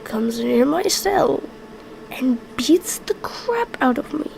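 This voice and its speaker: A woman's voice: high voice, very animated, takes it slowly, gravelly, darkish tone, slight background noise, heavily acted, poor audio. A woman voicing an imprisoned male vampire hunter in a tabletop game, drawling and sarcastic with plenty of swearing. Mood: bitter. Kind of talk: tabletop role-play.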